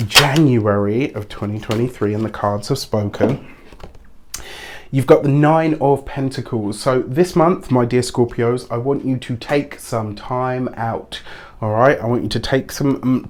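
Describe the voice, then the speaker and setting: A man giving a casual tarot reading, chatty and encouraging with frequent restarts, while under the weather and a little hoarse. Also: medium pitch. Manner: chatty, warm-hearted encouragement with many fillers and restarts. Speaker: tarot reader.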